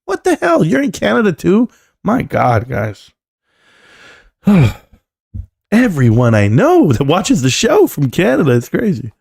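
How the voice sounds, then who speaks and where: Animated joking man streaming live. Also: on the high side, measured pace, gravelly, pauses often, husky. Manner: joking, rambling, says "bro" constantly; standing at a desk while talking. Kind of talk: casual live stream chat.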